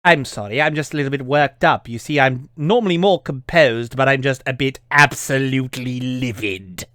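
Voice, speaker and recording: A man's voice: medium pitch, moderate pace, bright, forceful tone, no room sound, studio quality, close to an everyday voice. A man with an Australian accent putting on the voice of an icily polite, prim alien tyrant, speaking with clipped, mock-composed politeness. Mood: strained politeness.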